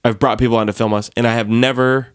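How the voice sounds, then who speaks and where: A man's voice: medium pitch, flat delivery, quick pace, smooth, dry recording. A man hosting a casual studio chat, talking loosely with many fillers and frequent laughs. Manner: chatty, laughs often, lots of "like" fillers. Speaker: podcast host, musician.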